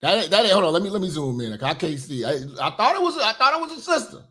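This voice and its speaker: A man hosting a commentary channel, reacting to news clips with loud mocking remarks. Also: sits high, sing-song, quick pace. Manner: loud mocking reactions, shouts, sing-song outro.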